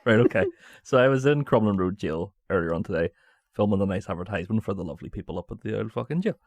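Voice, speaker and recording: A man's voice: on the low side, animated, fast, dry recording. A man with a Northern Irish accent co-hosting a podcast, telling wry, sweary anecdotes. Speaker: podcast co-host. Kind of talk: casual chat.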